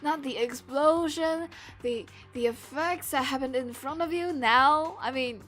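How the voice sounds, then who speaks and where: High-voiced, chatty woman streamer. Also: a little slow, fairly bright tone, soft background music. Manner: rambling, playful, laughs often; tries out character voices aloud. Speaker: streamer playing a visual novel. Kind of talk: casual live-stream commentary and voice practice.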